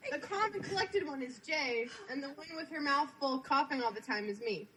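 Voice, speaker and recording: A woman's voice: sits high, moderate pace, noisy background. A young woman co-hosting a casual podcast over an online call, playful and laughing between words. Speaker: podcast co-host.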